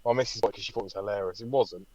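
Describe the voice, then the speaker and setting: A man co-hosting a podcast, telling a story in an animated way and swearing freely. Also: on the low side, very fast, dry recording, lo-fi sound. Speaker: podcast co-host. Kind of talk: casual chat.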